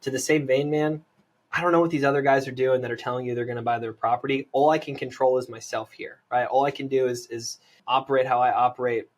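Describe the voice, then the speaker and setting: A man's voice: medium pitch, quick pace. Persuasive American man coaching on sales. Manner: energetic, persuasive, lots of "right?" tag questions. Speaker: land investor, podcast guest.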